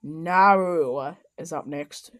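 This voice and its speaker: A woman giving casual, excitable reaction commentary on animated clips, often exclaiming and shouting. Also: low voice, drawn-out words, dry recording, studio quality. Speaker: video commentator.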